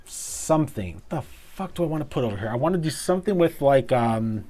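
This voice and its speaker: A man's voice: mid-range voice, expressive, brisk, warm tone. A man casually commenting while he plays a building game, mumbling, swearing and cracking jokes about himself, into a clip-on mic. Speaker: game streamer.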